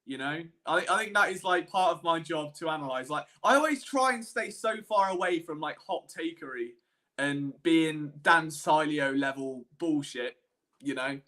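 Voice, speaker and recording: A man with a high, bright, forceful voice hosts a live-streamed sports show. He rambles and circles back on himself with plenty of self-deprecating asides. His analysis comes across as animated, casual and unscripted. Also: normal speed. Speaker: sports podcast host.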